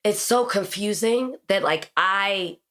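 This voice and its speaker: A woman hosting a podcast in casual chat, sick and losing her voice, talking with quick restarts. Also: medium pitch, fairly bright tone. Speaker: podcast host.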